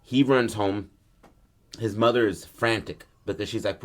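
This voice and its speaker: A man's voice: lowish voice, steady tone, measured pace. A man hosting a podcast, casually and animatedly retelling a film plot in profane street slang. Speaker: podcast host.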